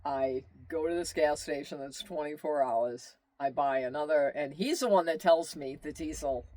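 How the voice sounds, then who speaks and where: A man telling a long road-trip story in casual, rambling storytelling, animated, with asides and exclamations. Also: a little high, moderate pace, no echo. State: tired. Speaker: vlogger telling his travel story.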